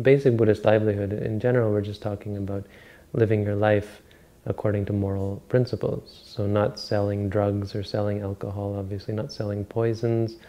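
This Buddhist monk teacher's voice is on the low side, gravelly and mellow. His informal dharma talk is rambling and halting, full of restarts and corrections of himself.

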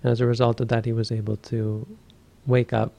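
A man who teaches Buddhism, giving a dharma talk and telling a story in a calm, measured way. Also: mid-range voice, creaky.

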